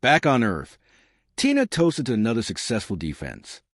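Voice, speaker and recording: A man's voice: medium pitch, huge pitch swings, moderate pace, dry recording, studio quality. A man telling a comic sci-fi story in wry, scripted narration.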